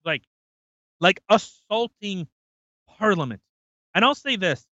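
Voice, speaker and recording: Male podcast host, bright tense tone, rambling profane rant, dull lo-fi dry audio. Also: fairly high pitch, dry recording. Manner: profane, rambling, repeats himself. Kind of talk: casual ranting commentary.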